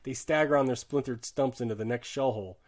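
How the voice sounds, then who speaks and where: A man giving a dramatic audiobook narration of a war novel, earnest and shifting his loudness sharply with the drama. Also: medium pitch, quick pace. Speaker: audiobook reader.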